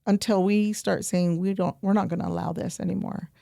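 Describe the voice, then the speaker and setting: A woman guest on a podcast interview, telling animated stories and repeating points for emphasis. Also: on the low side, fairly quick, creaky, dry recording, studio quality. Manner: animated storytelling, quoting herself and others. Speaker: guest, nonprofit program director.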